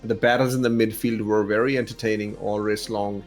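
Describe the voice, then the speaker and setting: A man co-commentating a live-streamed race in a relaxed way, full of admiring remarks. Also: lowish voice, a little fast, faint music behind.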